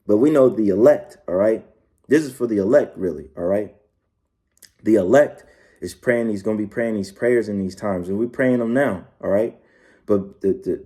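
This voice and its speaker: A man's voice: fairly low pitch, mellow. A man teaching scripture in a loose, casual way, ending his phrases with "all right" and "man", with many fillers and restarts. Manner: reads verses slowly. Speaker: preacher.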